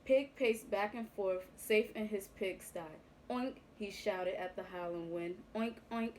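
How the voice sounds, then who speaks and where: A woman reading a picture book aloud to young children, with a gentle, expressive storytelling manner. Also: medium pitch, measured pace, slight background noise, low-quality recording.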